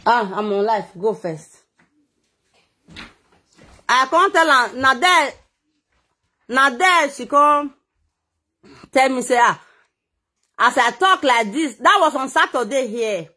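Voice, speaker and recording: A woman with a Nigerian accent telling gossip stories in a casual vlog. She talks in an animated way, exclaiming and repeating words for effect. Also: high voice, slow pace, pauses often. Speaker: gossip vlogger.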